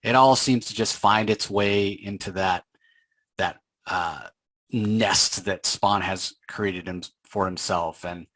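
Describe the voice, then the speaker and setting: A man with a fairly low voice talks casually through a comic book issue. He retells scenes and breaks into quick character voices. The sound is dry and close to the mic. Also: steady tone, fairly bright tone, dry recording. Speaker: podcast host.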